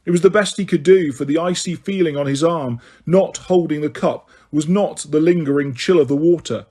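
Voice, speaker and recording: Guy reading a fantasy audiobook, kinda husky, higher voice. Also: normal speed, warm tone. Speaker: audiobook narrator. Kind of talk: audiobook narration.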